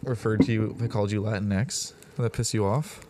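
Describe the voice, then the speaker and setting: A man's voice: lowish voice, fairly even intonation, fairly quick, background noise. A man hosting a podcast in casual chat, teasing and blunt, with the odd swear. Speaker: podcast host.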